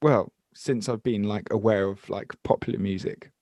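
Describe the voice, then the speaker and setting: A man's voice: fairly low pitch, fairly even intonation, moderate pace, darkish tone, no echo. Laid-back man, swears casually. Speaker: guest musician. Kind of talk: casual chat.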